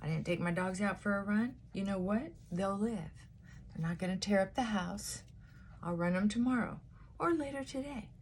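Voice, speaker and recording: A woman's voice: medium pitch, moderate pace, slight background noise. A woman vlogging a casual morning chat, sassy and chatty, short on sleep and punchy, giving herself a pep talk.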